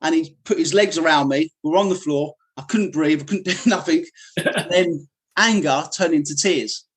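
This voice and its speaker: A man's voice: a little high, moderate pace. A middle-aged man, a martial arts instructor, telling his life story candidly in an interview, rambling with frequent fillers and restarts. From United Kingdom.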